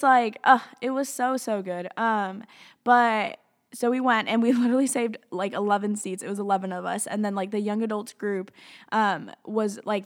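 Chatty young Southern woman gushing. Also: medium pitch. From Tennessee and Alabama. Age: young adult. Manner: chatty, gushing, full of "like" fillers and laughs. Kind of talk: casual storytelling vlog.

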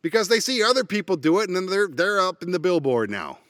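Male podcast host, slightly high voice, blunt and profane, sarcastic rant, dry close-miked sound. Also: animated, fast talker, a bit bright, no room sound. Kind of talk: ranting solo podcast. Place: parked van.

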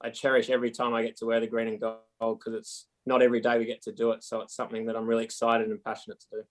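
A man's voice: mid-range voice, completely flat delivery, racing. A man in his thirties from Australia with an Australian accent, chatting easily as an interview guest and running his sentences together. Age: 30s. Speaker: guest athlete. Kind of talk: casual interview over a call.

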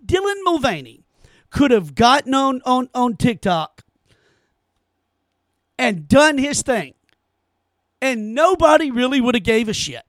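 A man's voice: very high voice, very animated, measured pace, pauses often, no echo. A man giving an opinion monologue in an emphatic, rhetorical way, often repeating his phrases. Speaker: commentator.

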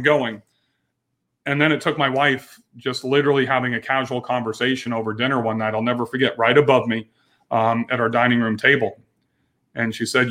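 A man's voice: medium pitch, pushed and bright. Earnest man telling his story. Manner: earnest, frank, with frequent restarts. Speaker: entrepreneur guest. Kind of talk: candid interview storytelling.

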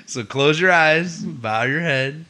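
A man's voice: a little high, slow, bright, forceful tone. A man leading his family's Bible study at home, reading scripture aloud and stopping for chatty asides to his listeners. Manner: reads steadily, adds chatty asides to the listeners.

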